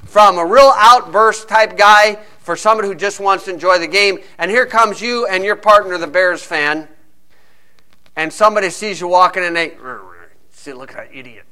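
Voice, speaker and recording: A man preaching a sermon, telling a lively story and acting out quick asides from other people. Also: sits high, clean tone. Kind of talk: sermon with a sports illustration.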